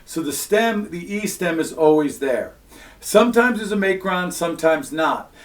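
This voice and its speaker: A man's voice: high-pitched, expressive, normal speed. A man teaching a Latin grammar lesson, explaining step by step in a patient way, with frequent fillers between points. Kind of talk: recorded classroom lesson.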